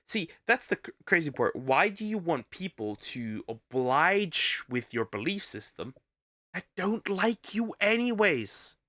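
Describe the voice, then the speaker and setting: Male streamer reaction voice: bright and tense tone, dry close sound, blunt and ranting. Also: sits high, no room sound. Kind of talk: casual reaction commentary.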